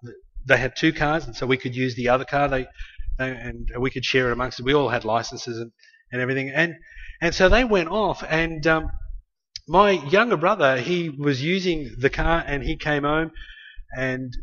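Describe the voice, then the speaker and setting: A man's voice: mid-range voice, normal speed, bright, forceful tone. An Australian man preaching, telling a family story in a loose, conversational way with many restarts. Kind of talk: sermon storytelling. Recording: slightly muffled lo-fi recording.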